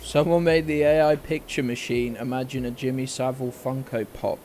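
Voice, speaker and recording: A man's voice: mid-range voice, steady tone, normal speed, darkish tone, slight background noise. A man chatting casually and swearing as he streams a game to his viewers. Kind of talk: casual live-stream chat.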